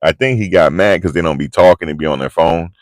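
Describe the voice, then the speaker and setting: A man's voice: low-pitched, fast, no echo. A man hosting a livestream, telling stories in casual slang and reading out chat comments. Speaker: livestream host.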